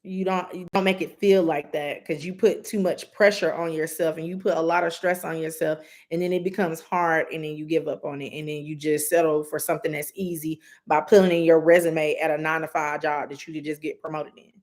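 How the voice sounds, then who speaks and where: Earnest low-voiced woman giving readings. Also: level tone, brisk, hardly any pauses, darkish tone. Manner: earnest, direct advice with many asides. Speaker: psychic reader. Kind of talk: live intuitive reading.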